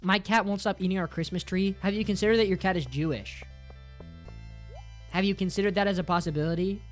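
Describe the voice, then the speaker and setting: A man's voice: sits high, fairly quick. A man streaming a game, reading chat aloud and answering with crude, playful jokes. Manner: crude, profane, joking, reads chat aloud; mock-dramatic, playful teasing. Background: faint game music.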